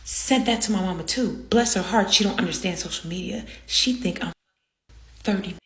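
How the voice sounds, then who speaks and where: A woman telling a comedic story time, animated and dramatic, with frequent asides to the audience. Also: mid-range voice, moderate pace. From US East Coast.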